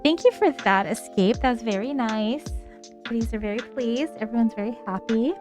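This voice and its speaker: A woman chatting casually on a live stream, laughing often and cooing at her cats in a high sing-song voice. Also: moderate pace, over music. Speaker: livestreamer.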